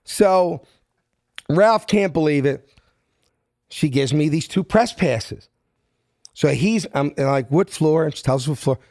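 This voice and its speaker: A man's voice: on the high side, animated, takes it slowly, long pauses, a little mellow, no room sound, clean studio sound. A middle-aged man from South Philadelphia with a Philly accent, telling a story and acting out each person in it in street-smart talk. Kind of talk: animated storytelling.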